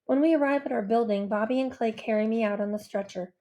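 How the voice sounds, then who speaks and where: A woman narrating a first-person novel in a gentle, wistful way. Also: fairly high pitch, quick pace, hardly any pauses. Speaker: audiobook narrator.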